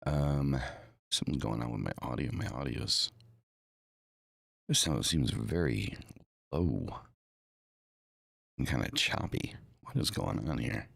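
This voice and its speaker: A man's voice: very deep voice, slow, creaky, pauses often, a bit bright, husky, no room sound, studio quality. A man hosting his own live podcast, chatting casually and rambling with many fillers and repeated words, using a home streaming mic. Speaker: podcast host.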